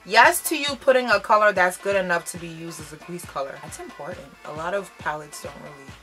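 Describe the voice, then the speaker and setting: A young adult woman hosting a casual makeup first-impression vlog, bubbly and expressive, full of slang. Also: fairly low pitch, brisk, faint music behind. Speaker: beauty vlogger. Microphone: camera framed close.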